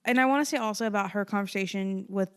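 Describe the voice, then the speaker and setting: A woman's voice: medium pitch, fast talker, fairly bright tone, smooth. A young woman co-hosting a casual podcast. She talks in a chatty way, often trails off, and loses her place in her notes. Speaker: podcast co-host. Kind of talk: casual chat.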